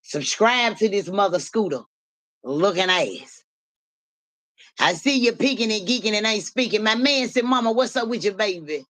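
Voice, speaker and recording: Woman streamer hosting her live show, loud repetitive hype chants, salty mouth, mid-pitched voice. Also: expressive, moderate pace.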